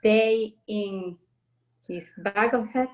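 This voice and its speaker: A woman with non-native English offers thanks to her mentors. She speaks slowly, pausing to find each word. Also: medium pitch, lo-fi sound. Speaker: guest business owner. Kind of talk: casual thank-you speech.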